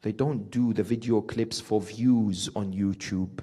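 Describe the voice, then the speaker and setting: A man preaching a religious sermon in an emphatic, rhythmic way, counting off numbered points and tossing in an affirming "yes", swinging from loud peaks to hushed lows. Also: fairly even intonation, a little slow, breathy edge.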